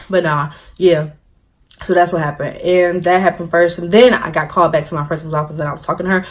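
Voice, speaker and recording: Animated young woman telling a story. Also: on the low side, a little fast, slight background noise. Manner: animated, laughing, acts out quotes. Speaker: vlogger. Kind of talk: story time vlog.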